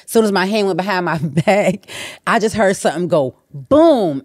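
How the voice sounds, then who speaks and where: Animated woman telling a story. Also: moderate pace. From Miami. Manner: animated, acts out quotes with sudden high exclamations. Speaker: guest rapper. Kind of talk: casual storytelling.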